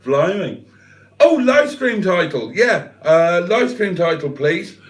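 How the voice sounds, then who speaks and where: A man's voice: high-pitched, big pitch swings, slow pace, echoey room. An older man hosting a livestream, reading out viewers' comments with jokey, self-deprecating banter. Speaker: livestream host. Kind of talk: casual live chat, reading out comments.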